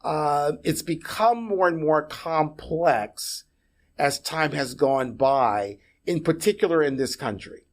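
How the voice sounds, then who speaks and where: A middle-aged man from Puerto Rico, a podcast guest, talking in a casual interview as an animated storyteller who often restarts and repeats words. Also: on the high side, slow pace.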